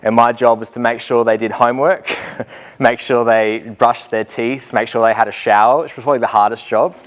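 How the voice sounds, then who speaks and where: A man's voice: medium pitch, fairly even intonation, moderate pace. A man speaks at a conference in a mid-range voice. He tells his story with animation, jumping in and out of the voices of the people in it. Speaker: teacher giving a talk.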